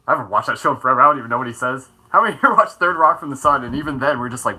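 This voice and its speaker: Playful guy leading a morning wake-up meditation, laughs a lot, bright punchy voice. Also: mid-range voice, lively intonation, very fast, few pauses, breathy edge. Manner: playful and upbeat, laughing often, counting aloud. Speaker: host. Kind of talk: live morning meditation and face exercise guidance.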